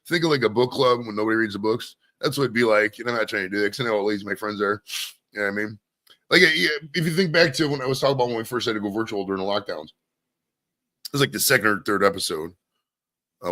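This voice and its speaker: A man's voice: lowish voice, bright, forceful tone. A man from Maine hosting his own stream, rambling casually with lots of swearing. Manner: rambling, profane, loose and conversational. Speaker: streamer and show host. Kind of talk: casual solo stream chat.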